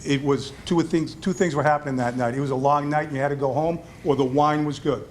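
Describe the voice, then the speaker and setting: A man's voice: a little high, a little fast, slight background noise. Man giving a self-deprecating acceptance speech. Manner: self-deprecating, animated storytelling, acts out quoted voices. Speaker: hall of fame inductee giving a speech. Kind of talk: acceptance speech telling a story. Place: restaurant event hall.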